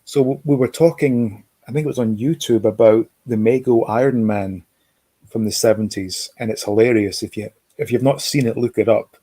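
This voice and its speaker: A man's voice: mid-range voice, moderate pace, mellow, dry recording. A man hosting a livestream, rambling casually, reading out chat comments and reminiscing. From Scotland. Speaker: livestream host. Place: home, lives in America.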